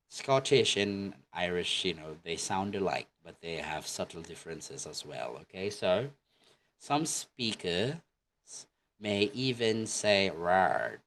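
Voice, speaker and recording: A male English teacher with a low, deep voice gives an online lesson. He speaks slowly and deliberately and keeps checking in with his students. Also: animated, fairly bright tone, slight background noise.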